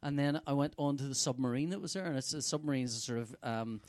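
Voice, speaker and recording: A man, telling travel stories in casual podcast chat, animated and sweary. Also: mid-range voice, fast talker, dry recording. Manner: sweary, animated storyteller, laughs often. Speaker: podcast co-host.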